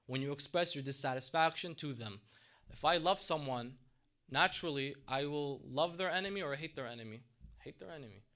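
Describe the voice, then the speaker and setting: A man giving an impassioned religious lecture in a mosque, swinging between soft reflective passages and loud bursts. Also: fairly high pitch. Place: mosque hall.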